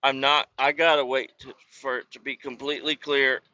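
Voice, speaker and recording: A man's voice: medium pitch, little pitch movement, moderate pace, pushed and bright. A man driving a truck and vlogging from the cab, rambling about family and swearing at his sluggish truck. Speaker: truck driver. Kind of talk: casual vlog while driving. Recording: dull lo-fi sound.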